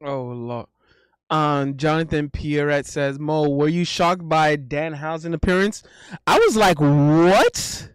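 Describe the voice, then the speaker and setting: A high-pitched man chats loosely on a live stream, drawling at an unhurried pace. He exclaims a lot and laughs easily while reading out messages from chat. The sound is dry and close. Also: fairly even intonation, clear, resonant tone, no room sound. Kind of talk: casual live-stream banter.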